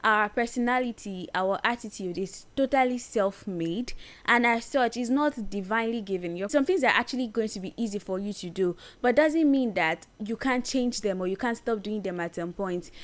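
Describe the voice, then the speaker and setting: A woman's voice: mid-range voice, normal speed. A woman hosting a solo advice podcast, speaking earnestly and stressing her points by repeating phrases. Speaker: podcast host.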